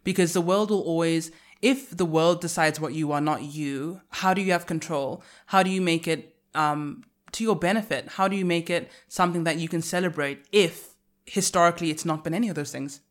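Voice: mid-range voice, a little fast. A podcast co-host in reflective casual conversation, thinking aloud with many restarts and trailing clauses.

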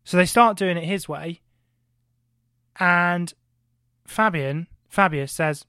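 A man co-hosting a podcast, retelling history in an animated comic way, full of swearing and rhetorical questions. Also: sits high, slow pace, pauses often, smooth, dry recording, studio quality. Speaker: podcast co-host.

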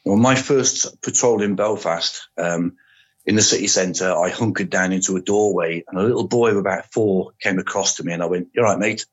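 An older man tells his anecdotes in an unhurried, matter-of-fact way. His voice sits low and husky. The recording sounds dull and lo-fi. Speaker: podcast guest, former soldier and police officer. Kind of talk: casual storytelling. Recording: dull lo-fi audio.

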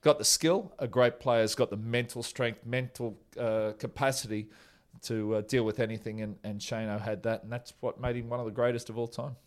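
A man's voice: medium pitch, steady tone, normal speed. A man, a former cricketer who tells rambling, chuckling stories about an old teammate in a casual interview.

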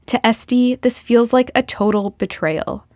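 A woman giving scripted documentary narration in a measured, explanatory way. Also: fairly high pitch, animated, a little mellow, dry recording, studio quality.

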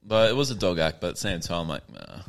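Deep-voiced laid-back guy. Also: sing-song, quick pace, vocal fry. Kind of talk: casual chat.

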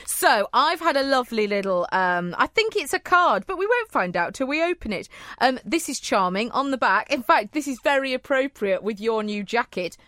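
A woman co-hosting a podcast, giggly and chatty as she reads out cards from listeners. Her pitch sits a touch high and swings lively. The sound is close and dry, with no room around it. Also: moderate pace, hardly any pauses, no echo. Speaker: podcast co-host. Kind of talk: casual chat.

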